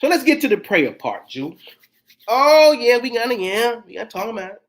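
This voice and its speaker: A woman's voice: a little high, very animated, moderate pace. A woman minister giving an impassioned spiritual teaching, emphatic and constantly throwing out rhetorical questions to her listeners. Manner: emphatic, full of rhetorical questions and call-outs.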